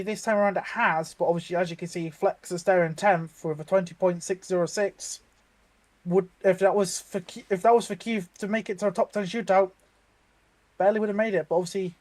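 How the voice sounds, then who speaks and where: A man's voice: sits high, fairly even intonation, fairly quick. A man co-commentating an online racing league, chatting and predicting lap times with frequent restarts. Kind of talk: casual race analysis and banter.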